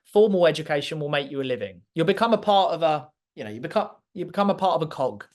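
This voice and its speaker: A man's voice: a little high, animated, quick pace, darkish tone. Emphatic man giving a pep talk. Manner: emphatic, repeats points for effect. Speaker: speaker. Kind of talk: motivational masterclass talk.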